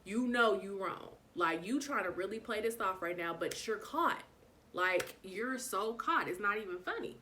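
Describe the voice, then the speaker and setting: A young woman telling a storytime vlog, frank and swearing freely, acting out every bit of dialogue with big jumps in pitch. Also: normal speed, a little hiss or hum. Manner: animated retelling, acts out dialogue with pitch jumps.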